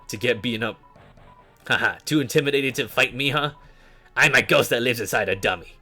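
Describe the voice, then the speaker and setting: A man voicing a hot-tempered ghost living in a training dummy, with a put-on Texas twang, shouting taunts. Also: medium pitch, brisk, soft background music. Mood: taunting.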